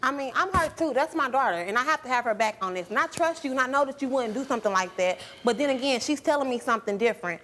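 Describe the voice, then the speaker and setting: A woman's voice: high-pitched, lively intonation, fast, few pauses, a bit bright, slight background noise. A young woman who is a guest on a talk show, telling her story in a rambling, hesitant way with many fillers. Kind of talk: emotional talk show testimony.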